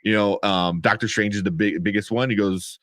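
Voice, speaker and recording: A man co-hosting a casual movie review show, animated and profane, laughing often. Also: lowish voice, fairly quick, no room sound. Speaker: podcast co-host.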